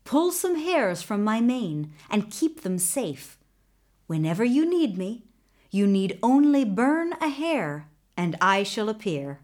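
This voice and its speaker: A woman's voice: mid-range voice, slow pace. Qeytas, a wise magical colt, as a woman reads him. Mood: solemn. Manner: calm, solemn instruction. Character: wise magical talking flying colt, male.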